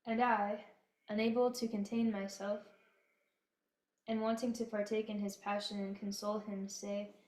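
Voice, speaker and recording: A woman giving a slow, solemn devotional reading in a prayerful, measured manner. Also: mid-range voice, little pitch movement, darkish tone. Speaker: devotional reader. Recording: echoey room.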